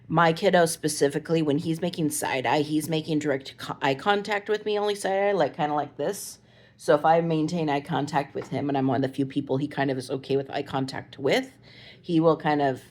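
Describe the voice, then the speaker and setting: Chatty mother, lower-pitched voice. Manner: chatty, animated, acts out sighs and groans. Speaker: parent vlogger. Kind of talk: casual storytelling vlog.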